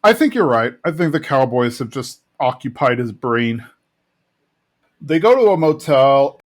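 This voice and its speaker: A man in easygoing podcast chat, recapping an episode at length with plenty of fillers and little quoted bits. His voice sits at an average pitch for a man, and he talks in a loose, conversational way. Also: big pitch swings. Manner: chatty, rambling retelling with fillers and quick quoted lines. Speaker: podcast co-host.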